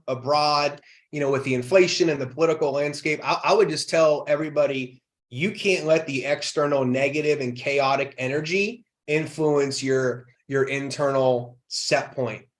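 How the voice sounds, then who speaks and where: A man in his thirties speaks as a podcast guest in a slightly high voice. He talks with energetic motivational drive and fires off rhetorical questions. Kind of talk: motivational interview talk.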